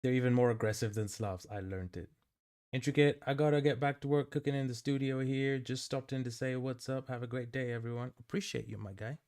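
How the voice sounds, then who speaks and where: A man from Kenya hosts a relaxed live stream from his music studio. He chats loosely with his viewers and calls them by name, and his voice sits at an ordinary middle pitch. He keeps dropping "like" and "dude" between thoughts. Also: fairly quick. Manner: chatty, talks to chat by name, lots of "like" and "dude". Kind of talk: casual live-stream chat.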